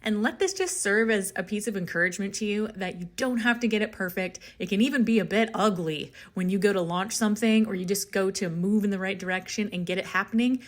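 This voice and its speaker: Out of breath while walking up a hill outdoors, a woman hosts a podcast recorded on her phone, chatting in a casual stream-of-consciousness style that's upbeat and encouraging. Her mid-range voice moves fast with hardly any pauses, and there's no room sound.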